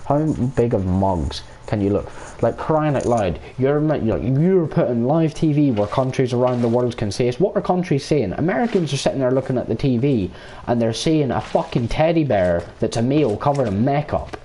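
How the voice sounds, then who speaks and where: A man's voice: mid-range voice, lively intonation, normal speed, hardly any pauses, warm tone, a little hiss or hum. An Irish man streaming a game, ranting in casual chat and swearing freely as he plays. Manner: profane, ranting, talks over gameplay.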